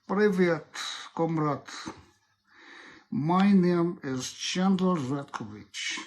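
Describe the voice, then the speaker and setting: A man putting on a menacing interrogator with a heavy put-on Russian accent. He speaks very slowly, politely spelling out threats. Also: fairly high pitch. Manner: slow, coldly polite threats.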